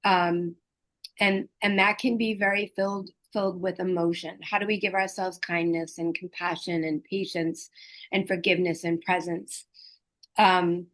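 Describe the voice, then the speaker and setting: A middle-aged woman, a hospice liaison and educator, speaking gently and earnestly about caregiving, with pauses and fillers. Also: on the low side, level tone. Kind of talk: reflective talk on caregiving.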